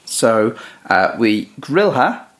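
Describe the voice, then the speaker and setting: A man's voice: medium pitch, big pitch swings, slow pace, fairly bright tone. A man co-hosting a podcast, bantering and teasing in casual chat. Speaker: podcast co-host.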